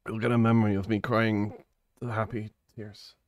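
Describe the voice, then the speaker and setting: A man live-streaming in casual chat, flustered and pleading, saying he is tired and a little high, who repeats words in bursts. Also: level tone, normal speed.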